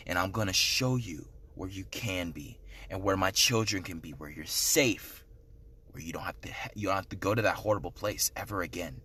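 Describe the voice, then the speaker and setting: A man putting on the grave, deep voice of the Lord. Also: sharp tone, breathy edge, full character voice. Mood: solemn. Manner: slow, grave, commanding. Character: solemn deep-voiced male Lord speaking from heaven.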